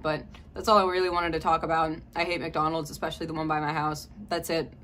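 A woman's voice: deep voice, flat delivery, fast talker, a bit bright, slight background noise. A young woman vlogging casually, ranting with lots of swearing and dramatic swings from mumbled complaints to shrieks. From Tampa area, Florida.

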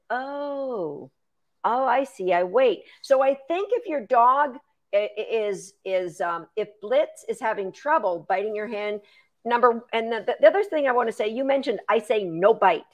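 A woman's voice: on the high side, expressive, normal speed. A woman, a dog trainer, chatting through a live Q&A, explaining training steps and thanking viewers by name. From Canada. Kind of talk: live-stream Q&A.

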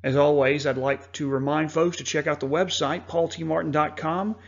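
A man narrates over slides as host, earnest and measured, pausing on fillers. His voice is gravelly and sits a little high. The recording sounds somewhat dull and lo-fi. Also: fairly even intonation.

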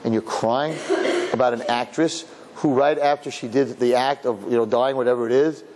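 A male rabbi giving a lively, humorous sermon full of rhetorical questions and Hebrew and Yiddish terms. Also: medium pitch, normal speed, a crowd in the background.

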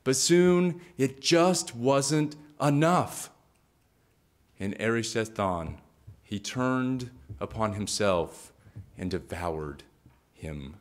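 Brief: male speaker telling stories dramatically, middle pitch, lots of repetition. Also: animated, very slow. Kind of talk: storytelling talk.

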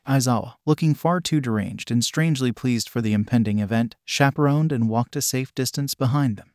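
A man narrating fan fiction in a brisk, even reading voice. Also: mid-range voice, no echo, studio quality. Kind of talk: fan fiction read-aloud.

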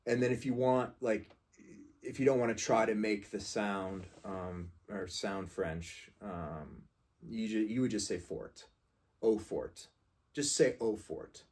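A man's voice: lowish voice, fairly even intonation, a little slow, a little mellow, breathy edge. A man reviewing a fragrance in casual talk, rambling and emphatic as he corrects how a word is said.

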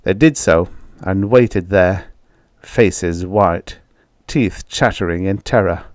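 A man reading a short story aloud in an even, measured way. His voice sits slightly low and is recorded dry and close, with no room sound. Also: dry recording. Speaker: audiobook narrator. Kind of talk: scripted story narration.

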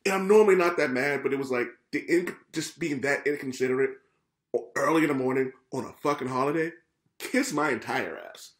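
Animated swearing male podcast host. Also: medium pitch, a little fast, echoey room. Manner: animated, swearing, retells scenes in quoted voices. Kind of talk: casual storytelling chat.

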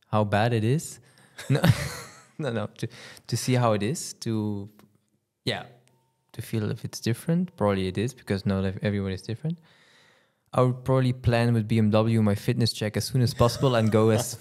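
Hesitant, laughing man, lowish voice. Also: darkish tone. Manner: hesitant, repeats words, laughs often. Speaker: co-host, racing driver. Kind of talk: casual chat.

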